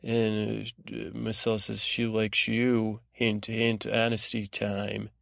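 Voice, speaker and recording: Man, sleep podcast host, deep gravelly voice, flat even delivery, dry close sound, rambling bedtime recap. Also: slow pace, no echo. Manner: rambling, digressive, trailing off.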